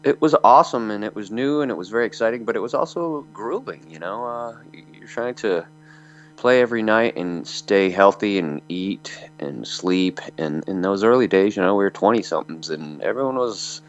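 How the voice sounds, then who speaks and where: This man's fairly low voice is animated and moderately paced as he wanders through anecdotes laden with fillers. He's a metal singer in his fifties from Michigan, USA, being interviewed, and the recording sounds dull and lo-fi.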